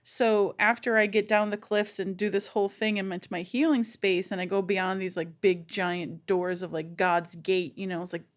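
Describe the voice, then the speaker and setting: A woman co-hosting a podcast, telling a long story in casual chat, animated and rambling with many fillers. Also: medium pitch, normal speed, few pauses. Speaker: podcast co-host.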